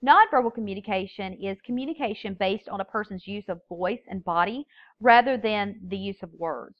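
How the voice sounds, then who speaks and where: A woman teaching a recorded public speaking lecture, explaining terms in a steady, explanatory way. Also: medium pitch, no room sound, muffled recording. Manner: explanatory, steady teaching delivery with occasional restarts.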